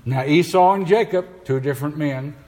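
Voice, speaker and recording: A pastor with a fairly high, darkish voice preaches at a normal pace in a church sanctuary, posing rhetorical questions and reading scripture aloud. The live church sound carries a long reverb.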